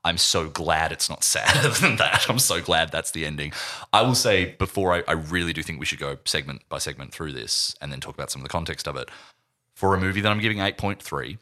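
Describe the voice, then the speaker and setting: A man co-hosting a casual movie podcast, animated and quick to laugh as he talks. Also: rumbling low. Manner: animated, laughs often, talks over others. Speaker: podcast co-host.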